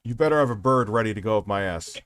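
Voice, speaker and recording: A man's voice: fairly low pitch, animated, fast, clear, resonant tone, dry recording, clean studio sound. A man hosting a livestream, chatting casually with lots of swearing, rambling and restarting his sentences. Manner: restarts and trails off. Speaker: livestream host.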